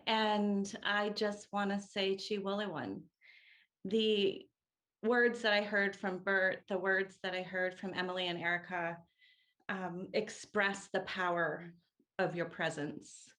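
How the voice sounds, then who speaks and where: Slow earnest woman giving a tribute. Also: mid-range voice, flat delivery, a bit bright. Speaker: meeting participant, friend. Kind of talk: heartfelt tribute. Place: video call.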